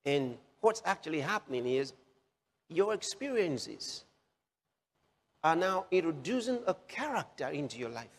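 A man preaching a sermon, slowly repeating key phrases for emphasis. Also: high voice. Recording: long hall reverb.

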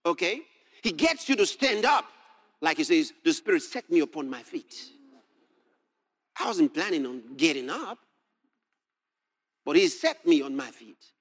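A man preaching a sermon, reading scripture aloud and commenting on it, rising to shouts and laughing with delight at the text. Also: a little high, very animated, a little slow, long pauses.

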